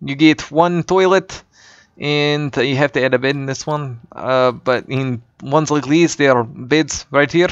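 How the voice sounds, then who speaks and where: A man talks through a map he is building in a put-on Russian accent, full of ums and dropped words. His voice is smooth and mid-pitched. The recording is dull and lo-fi, with a dry, close sound. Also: a little slow, no room sound. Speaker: map maker. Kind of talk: casual game map walkthrough.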